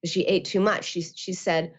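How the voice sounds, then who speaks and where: A woman, a therapist and author, giving calm, measured answers as a guest and acting out quotes as she explains. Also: fairly low pitch. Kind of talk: interview answers. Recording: muffled lo-fi audio.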